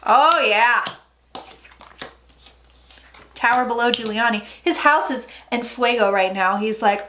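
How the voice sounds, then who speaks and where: A woman psychic talking through a tarot reading in a chatty, dramatic way, with sudden loud asides. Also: a little high, moderate pace, few pauses, a little hiss or hum. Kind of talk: casual tarot reading vlog.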